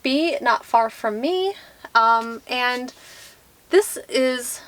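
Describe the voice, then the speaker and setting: Woman, book vlogger, casual unboxing chat, excited, filler-heavy. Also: fairly high pitch, very slow, rough recording. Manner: gushing, lots of fillers like "like".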